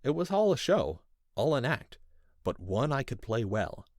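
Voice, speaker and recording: A man reading a first-person story in measured, intense scripted narration. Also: no room sound, clean studio sound. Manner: measured and intense, with lively pitch. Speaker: audiobook narrator.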